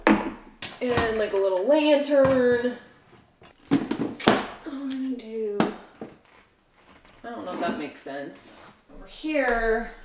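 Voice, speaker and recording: A woman's voice: a little high, very noisy. Chatty woman decorating in a roomy room. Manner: chatty, upbeat, thinks aloud while working. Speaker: home decor vlogger. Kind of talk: casual decorating vlog chat. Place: home living room by a fireplace.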